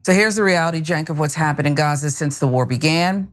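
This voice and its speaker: Woman cohost reading news facts, calm and measured, lowish voice. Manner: measured, informational. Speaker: co-host.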